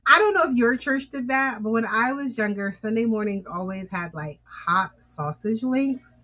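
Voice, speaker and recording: Lively, teasing woman podcast co-host. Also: a little high, moderate pace. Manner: playful, teasing banter. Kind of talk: casual chat.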